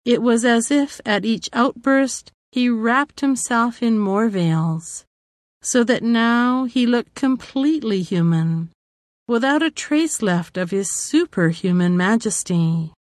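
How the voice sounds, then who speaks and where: A woman narrating a memoir in a measured, reflective way. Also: a little high, animated, dry recording, clean studio sound.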